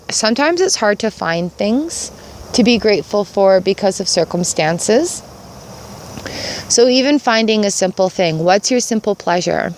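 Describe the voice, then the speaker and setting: Middle-aged woman vlogger, earnest and upbeat, outdoor yard recording with faint noise. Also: mid-range voice. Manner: earnest, upbeat, repeats phrases for emphasis. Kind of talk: casual outdoor gratitude vlog.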